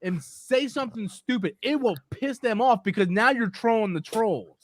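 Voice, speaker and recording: A man's voice: sits high, lively intonation, normal speed. A man hosting a live movie talk stream, ranting casually, exasperated, repeating himself and swearing freely.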